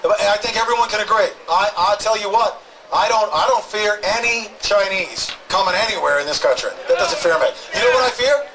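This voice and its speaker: A man's voice: high voice, brisk, background noise. A man hosting an open-mic address at an outdoor protest, emphatic and rambling, often adding "okay?". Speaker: talk show host interviewing protesters. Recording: loud crowd outdoors.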